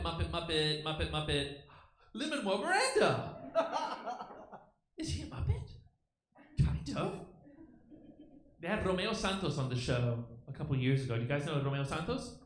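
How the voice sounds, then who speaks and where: A man performs a stand-up set from a theater stage, his voice bright and animated as he rambles and teases the crowd. The handheld mic carries a roomy reverb and a faint hiss. He sits fairly high for a man. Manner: loose, conversational, crowd-teasing. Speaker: stand-up comedian and host. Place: comedy theater stage in Miami.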